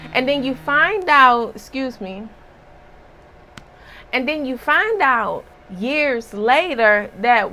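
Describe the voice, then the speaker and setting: Spiritual reader, woman, slightly hoarse; slow, emphatic, preachy delivery with a bright edge. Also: a little high, slight background noise, low-quality recording. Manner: emphatic and preachy, with rhetorical asides. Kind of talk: casual spiritual reading.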